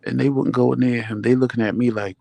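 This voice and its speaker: A man's voice: medium pitch, fairly even intonation, fairly quick, creaky, darkish tone, no room sound. A man hosting a vlog, chatting casually to viewers and dramatically acting out what people said. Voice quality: dramatic, chatty, acts out quotes. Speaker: vlog host.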